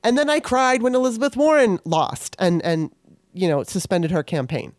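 Speaking at a normal pace in a mid-range, darkish voice, this woman hosts a podcast alone and keeps it casual. She's passionate and fired up, cursing freely throughout. There's no room sound, and the audio is studio quality.

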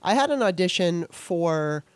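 A woman hosting an interview, a former actor telling a lively story in casual chat with many restarts. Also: lowish voice, a little slow, dry recording. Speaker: podcast host and former actor.

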